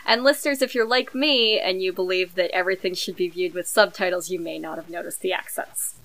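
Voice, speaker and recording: A woman's voice: fairly low pitch, fairly quick, fairly bright tone, poor audio. A woman co-hosting a podcast, speaking in an articulate, analytical way with a few fillers. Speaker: podcast co-host. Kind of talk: casual discussion.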